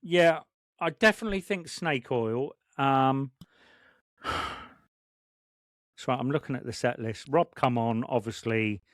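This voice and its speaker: A man co-hosting a podcast, telling rambling, excited stories in casual chat. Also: medium pitch, measured pace, long pauses, dry recording, studio quality. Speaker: podcast co-host.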